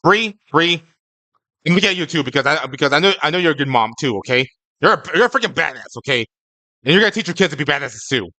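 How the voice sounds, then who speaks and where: A man's voice: on the high side, expressive, quick pace, bright, forceful tone, dry recording. A young man streaming live, chatting casually with his viewers in a rambling, stammering way, often tagging his lines with "okay?".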